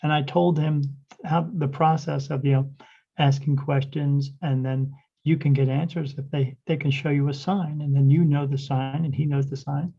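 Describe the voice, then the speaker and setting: A man's voice: on the high side, creaky, breathy edge. A man, a spirit medium guest on a podcast, telling a rambling story in casual talk, acting out quoted dialogue with many restarts. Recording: dull, lo-fi podcast audio.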